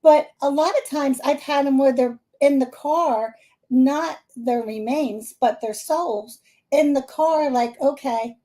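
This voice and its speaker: Speaking slowly in a high-pitched voice, a middle-aged psychic medium from the Philadelphia area chats with her live stream viewers. She's animated and talkative, with frequent laughter.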